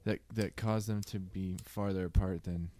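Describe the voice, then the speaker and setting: A man hosting a casual podcast, musing in a hesitant, halting way. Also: deep voice, steady tone, noisy background. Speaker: podcast host.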